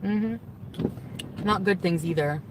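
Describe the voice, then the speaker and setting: A woman's voice: lowish voice, extremely slow, noisy background. A woman on a live stream, upset and confrontational, saying she feels shaky.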